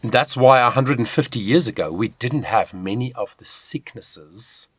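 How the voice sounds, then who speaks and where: A man teaching a video voice lesson, talking straight to the viewer in an encouraging, animated way. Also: medium pitch, a little slow, husky, no echo. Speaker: vocal coach.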